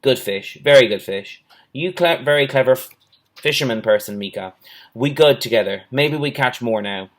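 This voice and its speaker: A man's voice: mid-range voice, expressive, normal speed, close to an everyday voice. A man reading a storybook aloud, voicing an old, wary male island hermit who speaks in clipped, broken English. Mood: pleased. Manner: clipped broken English, plain short phrases.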